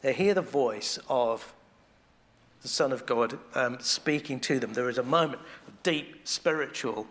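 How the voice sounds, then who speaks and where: A man preaching a sermon in a conversational way, restarting phrases as he thinks aloud and growing quiet and intimate on devotional points. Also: mid-range voice, unhurried.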